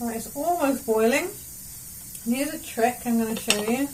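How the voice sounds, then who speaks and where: A woman's voice: on the high side, normal speed, a little mellow, a little hiss or hum, low-quality recording. A woman chatting casually as she films a cooking video in her home kitchen, rambling into self-deprecating asides. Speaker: vlogger.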